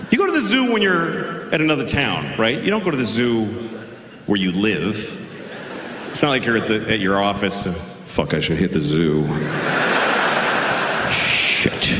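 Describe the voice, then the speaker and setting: Style: stand-up set. Sex: man, 40s. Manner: deadpan, crude, lively pitch. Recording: long hall reverb. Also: moderate pace, long pauses. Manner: deadpan, crude, jumps into character voices. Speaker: stand-up comedian. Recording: live hall with long reverb and background noise.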